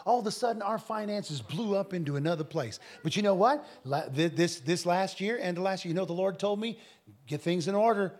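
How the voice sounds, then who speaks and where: A man ministering at a church Q&A, telling a personal testimony with frequent restarts and bursts of shouted scripture. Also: high voice, a little fast. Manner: animated, rising to shouted scripture with audience call-outs; repeats and restarts words often.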